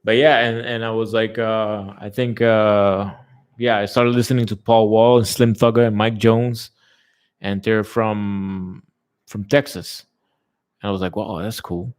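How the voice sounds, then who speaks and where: Relaxed, rambling man with a lowish voice. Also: unhurried, clear, resonant tone. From lives in a tourism-based place, has lived abroad. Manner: relaxed, rambling, swears often, many fillers. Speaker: channel host chatting with viewers. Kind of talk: casual live chat.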